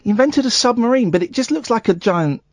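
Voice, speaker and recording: A man hosting a late-night radio phone-in, incredulous and quick to joke. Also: very high voice, expressive, no echo, studio quality. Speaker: radio host. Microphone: studio microphone.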